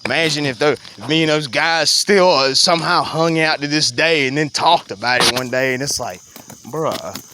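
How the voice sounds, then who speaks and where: A young man in casual storytelling chat, animated, jumping between loud outbursts and low mutters and often laughing. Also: moderate pace, background noise.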